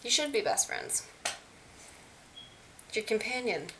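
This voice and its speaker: A woman's voice: on the high side, expressive, slow pace. Young woman gushing away, chatty, fillers everywhere, bit of hiss. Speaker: fan vlogger. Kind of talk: casual chat. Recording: faint hiss.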